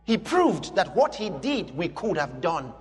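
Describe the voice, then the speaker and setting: Preacher man, lively, hall reverb. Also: on the high side, unhurried, soft background music. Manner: dramatic, swings between hushed and shouted; reads scripture aloud to a congregation. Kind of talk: sermon.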